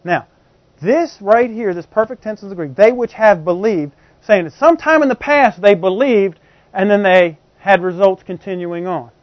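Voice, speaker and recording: A man with a notably high voice delivers a teaching sermon, talking to his congregation like a conversation and checking in with them often. The recording sounds dry and close, with a slightly dull, muffled top end. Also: lively intonation, moderate pace, no room sound. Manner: explains by everyday examples. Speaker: preacher.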